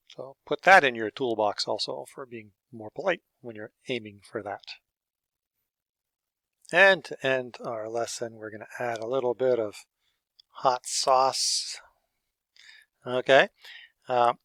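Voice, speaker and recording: Slow, gravelly-voiced male English teacher. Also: mid-range voice, sharp tone, no echo. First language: French. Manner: explains step by step, checks in with "okay?" and "eh?". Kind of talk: teaching a grammar lesson.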